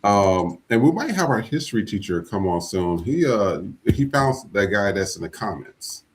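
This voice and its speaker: A man hosting a podcast, talking in a blunt, profane, animated rant about politics and culture. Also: fairly low pitch, normal speed. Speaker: podcast host. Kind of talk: casual political chat.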